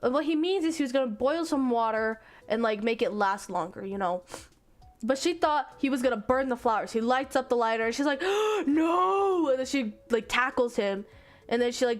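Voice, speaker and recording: Rambling young woman streamer. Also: fairly high pitch. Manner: rambling and animated, acting out characters' lines. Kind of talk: casual stream chat, retelling a manga plot.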